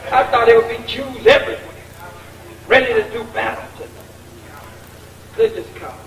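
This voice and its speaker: High-voiced man giving a fiery hall speech. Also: moderate pace, slight background noise. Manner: combative, taunting, preacher-like cadence. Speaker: speaker at a college event. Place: large college lecture hall. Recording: echoey hall recording from far off.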